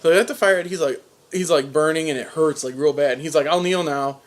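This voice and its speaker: A man's voice: fairly high pitch, fast talker. A young man co-hosting a podcast, casually retelling a TV episode with loose, profane mock dialogue. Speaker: podcast co-host. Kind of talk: casual recap chat.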